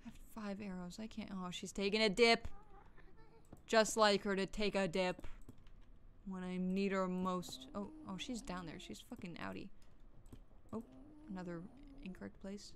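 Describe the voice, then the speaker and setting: A woman's voice: medium pitch, steady tone, unhurried, pauses often, slight background noise. A woman streamer chatting casually through gameplay, joking and swearing to herself and yelping when startled. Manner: chatty, profane, jokey self-talk; jumpy, yelps when startled. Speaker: gaming streamer.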